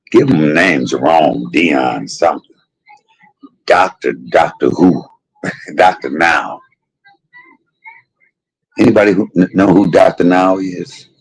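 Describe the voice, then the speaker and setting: A man's voice: a bass voice, breathy edge, poor audio. A man hosting a casual livestream from a hospital room, joking and loose with some profanity. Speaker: livestream host.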